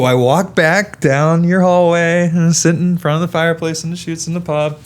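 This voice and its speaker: A young adult man hosting a podcast interview, telling anecdotes in an animated, casual way. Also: on the high side, normal speed. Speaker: podcast host.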